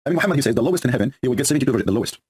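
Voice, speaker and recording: A man speaking broken rattles through a mocking monologue at a very fast clip. His voice is husky, and his pitch leaps up and down as he scoffs. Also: lively intonation, darkish tone. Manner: sarcastic, mocking, broken English. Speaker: host of a religious debate stream.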